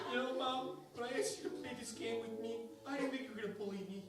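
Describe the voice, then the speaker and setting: A woman performing playful live improv comedy, recorded far off in an echoey theatre with music. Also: high voice. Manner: playful, laughing.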